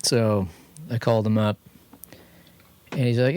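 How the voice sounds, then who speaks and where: A man's voice: fairly low pitch, slow pace, pauses often, clean tone, no room sound. Chatty Californian man with a dry sound. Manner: rambling, animated anecdote telling, quotes others in lively voices. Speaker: podcast co-host. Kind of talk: casual garage chat, storytelling. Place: home studio.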